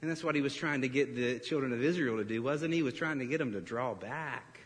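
A man preaching a sermon as pastor, animated and storytelling, breaking into laughs and acting out quotes. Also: medium pitch, quick pace. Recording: reverberant hall.

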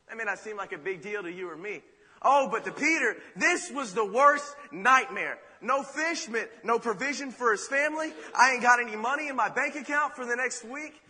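High, bright-voiced preacher in a hall. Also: male voice. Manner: dramatic, animated retelling with rhetorical asides. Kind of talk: sermon storytelling. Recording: reverberant hall.

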